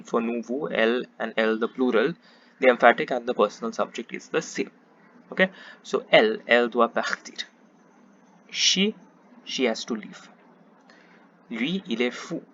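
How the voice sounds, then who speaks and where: A patient man tutors French grammar in a medium-pitched, slightly bright voice, methodically giving each example in French and then English. The explanatory lesson sounds slightly muffled, with faint background hiss.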